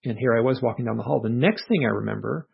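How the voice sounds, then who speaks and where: Husky, gravelly man telling a story. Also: mid-range voice, fast talker. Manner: earnest, reflective, animated retelling with quoted inner thoughts. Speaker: author and interview guest. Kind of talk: casual conversational storytelling. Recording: muffled lo-fi audio.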